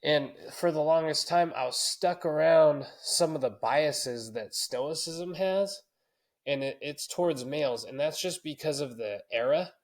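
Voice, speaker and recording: A man's voice: fairly high pitch, a little slow. A man in his thirties co-hosting a podcast, telling a story in a loose, swearing, laughing way. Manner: profane, storytelling, laughs often. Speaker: podcast co-host. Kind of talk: casual podcast chat.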